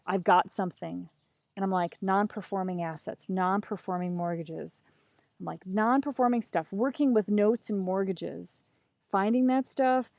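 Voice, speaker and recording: Animated middle-aged woman telling a story. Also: medium pitch, no room sound, muffled recording. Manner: animated, acts out voices, profane. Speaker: podcast guest. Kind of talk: casual storytelling.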